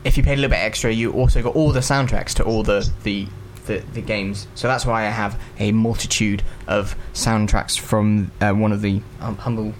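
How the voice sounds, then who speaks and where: A man's voice: on the low side, fairly even intonation, moderate pace, few pauses, slight background noise. A man co-hosting a casual radio chat, hesitant and playful, with many ums and uhs. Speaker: co-host.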